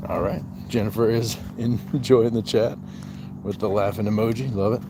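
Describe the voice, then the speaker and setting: With background noise around him, a man with a fairly low voice streams live from a handheld phone on a nighttime walk outdoors. Speaking at normal speed, he casually reads viewer comments aloud and responds to them in a relaxed manner.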